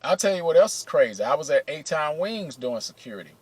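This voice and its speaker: A man casually telling profane, animated stories about his days working security, acting out what people said. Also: a little high, brisk, slightly rough, low-quality recording. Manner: profane, animated, acts out quotes. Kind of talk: casual storytelling.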